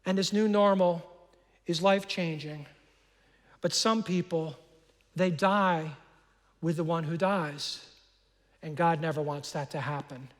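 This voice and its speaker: High-voiced pastor in an echoing hall. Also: male voice, a little slow, pauses often. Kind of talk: sermon. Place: large church auditorium. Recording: long hall reverb.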